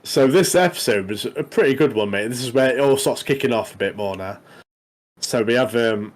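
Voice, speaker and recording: On a casual podcast, a male co-host recaps a TV episode in rambling chat peppered with tag questions like "doesn't he" and "mate." His voice is medium-pitched and a little fast, and the recording is rough.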